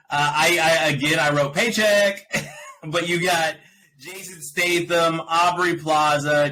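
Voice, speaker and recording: In a rough recording, a man with a slightly high voice hosts a podcast. He reviews films and shows he's watched in a casual, animated rant, laughing frequently.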